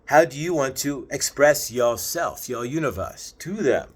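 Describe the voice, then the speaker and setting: Man channeling with a lively, swooping voice. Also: slightly rough. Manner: preachy, questioning, slow with sudden high swells. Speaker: spiritual channeler. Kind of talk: channeled spiritual message.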